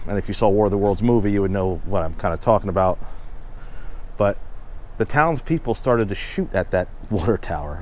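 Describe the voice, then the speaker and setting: A man's voice: lowish voice, a little hiss or hum. A man casually telling history on location outdoors, rambling and chatty with lots of fillers and asides. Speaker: history vlogger and tour host.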